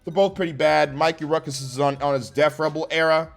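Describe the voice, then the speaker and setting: Male reviewer, higher-pitched voice, sarcastic and profane, faint music underneath. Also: fairly even intonation, a little fast, vocal fry. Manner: blunt, sarcastic, swears heavily. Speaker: wrestling show reviewer.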